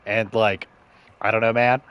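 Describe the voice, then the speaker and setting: A man putting on the voice of a panicky, washed-up male actor who pleads loudly and keeps repeating "bro". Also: on the low side, little pitch movement, measured pace, clear, resonant tone, highs cut off, close to an everyday voice. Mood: pleading.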